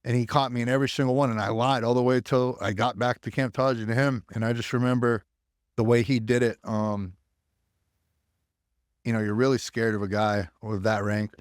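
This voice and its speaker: Clean and dry, this studio recording captures a podcast guest, an American army veteran with a medium-pitched, clear, resonant voice. He talks fairly quickly in a level tone. His storytelling is frank and blunt, full of swearing, and he acts out quoted voices.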